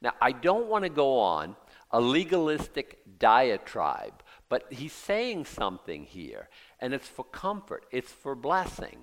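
Animated preacher man in a reverberant hall. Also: medium pitch, unhurried. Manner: animated, self-mocking, acts out quoted voices. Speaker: pastor. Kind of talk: expository sermon.

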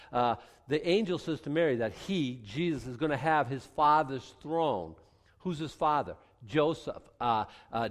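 A man preaching a sermon, wry and animated, acting out voices for God and the kings as he reads scripture. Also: fairly high pitch, in a large hall. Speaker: pastor.

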